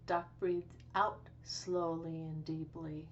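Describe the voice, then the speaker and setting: A woman librarian reading a picture book aloud for children, slow and expressive with sing-song animal sounds. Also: fairly low pitch, dull audio, slight background noise. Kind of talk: children's storytime read-aloud.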